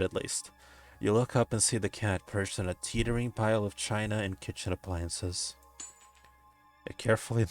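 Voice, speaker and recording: A man with a low voice reads a text game's narration aloud for his stream. He keeps slipping into giggles and swearing asides between passages. Soft music plays faintly beneath him. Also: normal speed. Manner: breaks into giggles and profane asides. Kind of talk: reading a text game aloud with commentary.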